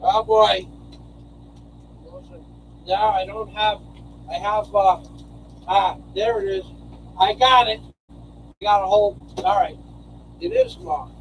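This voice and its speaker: A man hosting a casual live stream from home, rambling as he reads out viewer names and thanks donors, his voice hoarse from singing. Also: high-pitched, slow, long pauses, slight background noise, low-quality recording. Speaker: livestream host.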